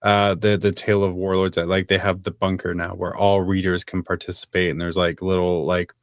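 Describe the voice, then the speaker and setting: Low-voiced man hosting a podcast. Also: little pitch movement, a little fast, no echo, clean studio sound. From United Kingdom. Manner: leads the discussion with questions. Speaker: podcast co-host. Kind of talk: casual chat.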